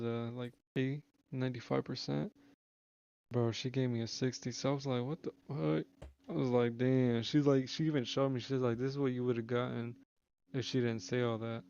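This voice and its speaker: Gravelly young man telling a rambling story. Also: medium pitch, a little mellow, muffled recording. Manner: rambling, slangy, swears freely, restarts often. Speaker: streamer. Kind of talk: casual storytelling on a livestream.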